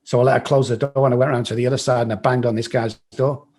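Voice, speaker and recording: A middle-aged Englishman with an English accent, appearing as an interview guest, tells his life story bluntly, swearing freely and acting out other people's lines. He talks rapid-fire at a medium pitch with little pitch movement, in a slightly mellow voice with a breathy edge.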